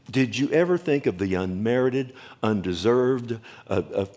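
A man's voice: lowish voice, a little mellow. A man preaching a sermon as pastor, emphatic and repetitive, calling out for the congregation's response.

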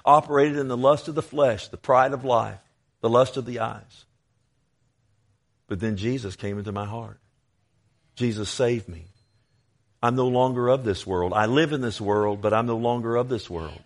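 A man preaching an expository sermon, emphatic and rising to loud exhortation, addressing listeners directly. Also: medium pitch, normal speed, pauses often.

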